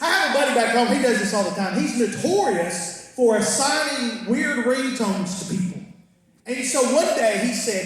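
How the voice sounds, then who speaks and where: A man's voice: very high-pitched, expressive, moderate pace, slight background noise. A man doing a stand-up set, telling folksy stories with punchlines and asides to the crowd. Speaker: stand-up comedian. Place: large concert hall with a live crowd. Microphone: stage mic heard from far off in the audience. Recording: echoey hall recorded from far back in the audience.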